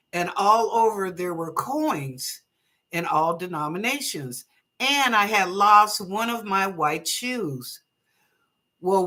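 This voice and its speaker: A woman's voice: medium pitch, sharp tone. A woman hosting live online psychic readings. She reads viewers' questions aloud, then interprets them in a chatty, easygoing way, laughing often and blessing her callers. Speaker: psychic reader and show host.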